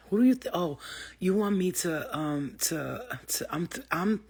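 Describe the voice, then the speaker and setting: A woman's voice: low-pitched, moderate pace, creaky, breathy edge. A woman hosting a spiritual livestream, talking bluntly and with lots of swearing, greeting viewers as she goes. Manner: blunt, profane and animated, greeting viewers mid-talk. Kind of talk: casual livestream talk to viewers.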